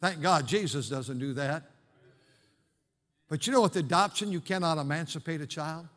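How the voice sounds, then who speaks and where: Older man, pastor, sermon, high and bright tone, booming to hushed, reverberant church. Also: moderate pace. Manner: swings from shouted preaching to hushed storytelling. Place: church sanctuary. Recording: long reverb of a church hall.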